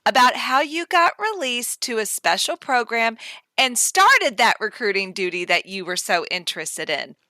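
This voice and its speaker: A woman's voice: a little high, sing-song, moderate pace, sharp tone, no room sound. A woman hosting an interview, encouraging her guest to tell a story. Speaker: podcast host. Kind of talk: casual interview.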